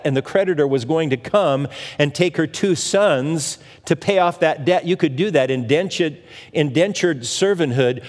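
A pastor preaching a sermon, retelling scripture stories and acting out the voices of the figures in them. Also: male voice, a little high, long reverb tail. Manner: storytelling preacher who acts out the scripture voices.

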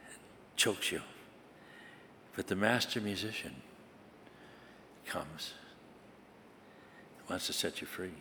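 A man preaching a sermon, dramatic, swinging from loud bursts to hushed tones. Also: deep voice, slow, long pauses, a little hiss or hum. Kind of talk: sermon with recited poem. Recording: long hall reverb.

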